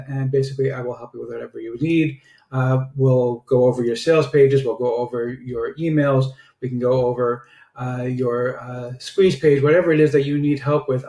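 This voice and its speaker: A man giving a casual product review and sales pitch, chatty and sprinkled with filler "uh"s. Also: warm tone. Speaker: online marketer reviewing software. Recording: roomy echo.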